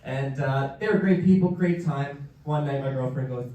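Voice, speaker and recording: A man's voice: brisk, hardly any pauses, recorded from a distance. A man performing stand-up comedy, telling a story and acting out the people in it with sudden jumps in his voice. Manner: animated, acts out characters with pitch jumps. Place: comedy show in a museum hall. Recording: roomy live venue, mic heard from afar.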